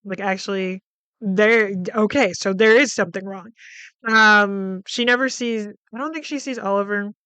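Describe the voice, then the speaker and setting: Chatty woman with a smooth, dry voice. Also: medium pitch, steady tone, normal speed, pushed and bright, no echo. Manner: chatty, heavy on "like" fillers, swears freely. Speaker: podcast host. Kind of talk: casual film recap.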